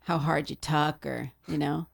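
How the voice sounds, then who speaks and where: A woman hosting a podcast, chatting casually in a frank, wry way with quick bursts of speech. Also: low-pitched, fairly even intonation, gravelly, no room sound, studio quality. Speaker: podcast host. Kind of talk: casual chat.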